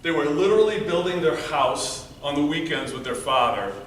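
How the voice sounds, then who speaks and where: A man giving a prepared storytelling speech at a speech contest, earnest, moving between loud emphasis and quiet, hushed passages. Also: fairly high pitch, lively intonation, moderate pace. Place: meeting room before an audience. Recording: echoey room, mic from far off, faint noise.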